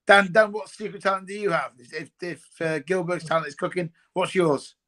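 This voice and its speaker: A man's voice: sits high, fairly even intonation, brisk, sharp tone. A man hosting an interview, chatty and laughing along with his guest. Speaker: host. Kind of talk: casual interview chat.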